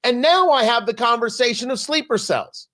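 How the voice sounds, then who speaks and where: A man hosting a talk show with an emphatic, sarcastic monologue, tossing in jokey asides. His voice is pitched high and swings widely from line to line. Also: animated, moderate pace, sharp tone. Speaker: radio talk show host. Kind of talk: political commentary monologue.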